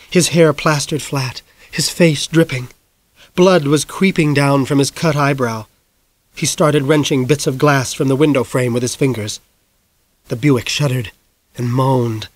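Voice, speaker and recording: In this audiobook, a medium-pitched male narrator reads a novel gravely and at a measured pace, going quiet when things turn darkest. The recording has no room sound.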